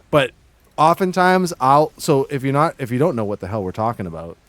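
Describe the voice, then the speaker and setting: A man's voice: mid-range voice, sing-song, brisk, a bit bright, no echo. Streamer type, male, hams up a fake Boston-New York accent, jokey with chat, clean dry home-mic sound. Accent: exaggerated put-on Boston-New York. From Massachusetts. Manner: joking, playfully ribbing chat. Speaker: livestreamer. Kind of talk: casual livestream chat.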